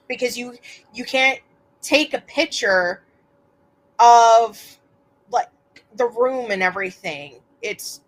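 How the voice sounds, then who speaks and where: Slow-talking woman podcast guest. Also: fairly high pitch, low-quality recording. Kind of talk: casual podcast interview.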